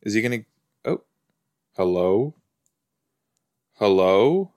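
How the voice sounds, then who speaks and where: A man with a lowish voice gives casual watch-along commentary on a podcast. He talks slowly and loosely, padding his thoughts with "like" and "you know". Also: big pitch swings, darkish tone, clean tone. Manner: chatty, rambling, lots of "like" and "you know". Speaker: podcast host.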